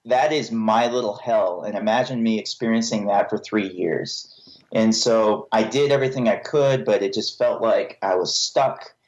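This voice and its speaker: A man with a somewhat low voice talks candidly as a podcast guest, earnest and self-deprecating. The audio is muffled and lo-fi. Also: moderate pace. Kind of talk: candid personal testimony.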